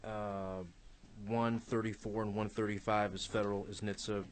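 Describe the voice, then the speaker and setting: A man chairing a legislative committee hearing, briskly checking facts with witnesses. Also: fairly low pitch, flat delivery, a little hiss or hum.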